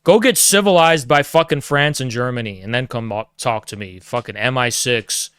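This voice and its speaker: A man's voice: moderate pace, fairly bright tone, smooth, dry recording. A man ranting casually and sarcastically, profane and mocking. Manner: sarcastic, mocking, slips into high put-on voices. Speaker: political streamer.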